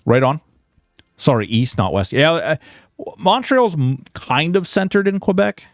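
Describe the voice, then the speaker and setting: A man's voice: on the high side, very animated, unhurried, no echo, clean studio sound. A Canadian man streaming a video game, chatting in a rambling, casual way and swearing now and then. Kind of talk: casual gaming stream chat.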